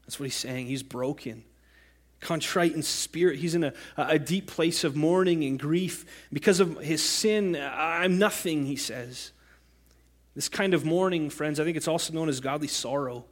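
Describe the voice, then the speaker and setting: A man's voice: on the high side, normal speed. A man preaching a sermon as pastor, earnest and rising to impassioned cries when he quotes scripture.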